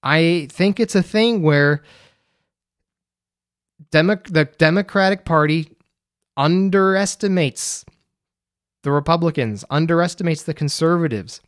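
Unhurried and pausing often, this young man from the US rambles alone on his podcast in a loose, chatty way, packed with fillers. His voice is a little high. The dry recording has clean studio sound.

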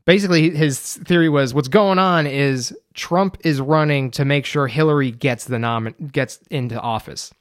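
A man's voice: on the high side, moderate pace, hardly any pauses, no echo, studio quality. Rambling young American man. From United States. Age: young adult. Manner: rambling, loose and chatty with frequent fillers. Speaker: podcast host. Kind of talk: casual solo monologue.

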